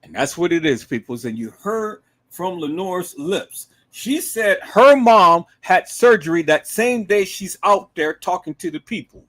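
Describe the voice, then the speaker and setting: A man hosting a live stream, giving emphatic commentary to his viewers, dropping to low murmurs and rising to shouted outbursts. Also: animated, unhurried, few pauses. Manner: emphatic, repeatedly addresses viewers as "peoples".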